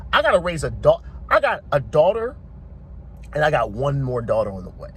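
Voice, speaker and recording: A man's voice: a little high, very animated, moderate pace. A man with a slightly raised voice lectures hard, swearing freely and hammering home his points. He sounds like he's in his thirties, and faint noise sits under the recording. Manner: profane, forceful, preachy. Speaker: commentator. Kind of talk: blunt motivational rant to camera.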